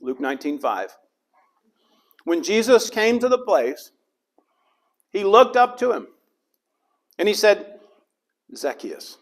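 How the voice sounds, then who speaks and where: A man's voice: high voice, sing-song, slow pace, long pauses. A middle-aged man preaching a sermon as pastor. He acts out the lines of the people in the story with dramatic swings.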